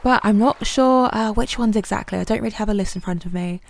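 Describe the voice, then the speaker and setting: Chatty woman with a gravelly voice. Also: mid-range voice, fast, slight background noise. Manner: chatty, many ums, self-deprecating. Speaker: gaming channel host. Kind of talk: gameplay commentary. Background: soft game music.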